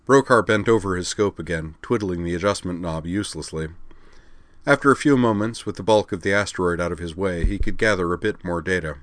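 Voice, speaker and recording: A man narrating a sci-fi audiobook in an even, measured reading. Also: low-pitched, no echo.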